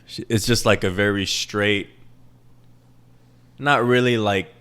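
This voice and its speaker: A man's voice: lowish voice, steady tone, takes it slowly, fairly bright tone, clean tone. A young man from the Midwest with a plain Midwestern accent, hosting a casual solo podcast, rambling and self-deprecating and swearing freely. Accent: plain Midwestern American. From American Midwest. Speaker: podcast host.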